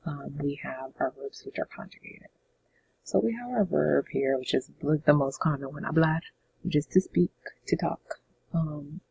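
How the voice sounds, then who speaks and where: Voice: mid-range voice, vocal fry, husky, lo-fi sound. A Spanish teacher explaining a lesson step by step in a patient, repetitive way, often checking in with "okay?". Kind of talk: classroom-style lesson explanation.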